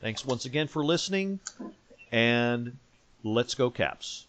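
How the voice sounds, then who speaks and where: A man's voice: medium pitch, expressive, takes it slowly, fairly bright tone, no echo. A man hosting a casual sports podcast, joking and rambling with lots of fillers. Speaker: podcast host. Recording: dull lo-fi sound.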